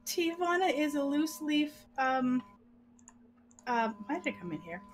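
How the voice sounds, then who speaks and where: A middle-aged woman telling a long, animated story in casual chat, laughing and acting out what people said. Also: sits high, unhurried, slight background noise. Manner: animated, laughing, acts out quotes. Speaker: podcast co-host.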